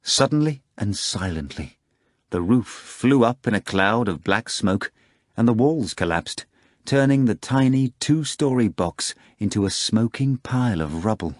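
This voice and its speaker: A man narrating an audiobook in a measured, even manner. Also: on the low side, no echo, studio quality. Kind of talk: scripted narration.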